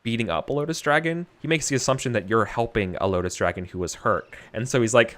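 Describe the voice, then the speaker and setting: A man's voice: mid-range voice, fast talker. A man running a tabletop game as game master, narrating with lots of fillers and laughter. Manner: animated, laughing often, many fillers.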